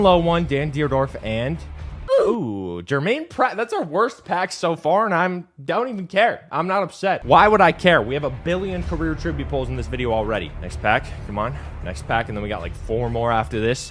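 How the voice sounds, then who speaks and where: A man from Montana doing hyperactive, joking video game pack-opening commentary and yelling at big pulls. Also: a little high, expressive, normal speed, faint music behind. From Montana, USA. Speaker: gaming YouTuber.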